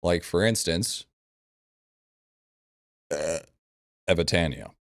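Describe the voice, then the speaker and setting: A man's voice: deep voice, slow, dry recording, studio quality. A man streaming a game live, chatting casually with viewers in a blunt, profane way and repeating his phrases.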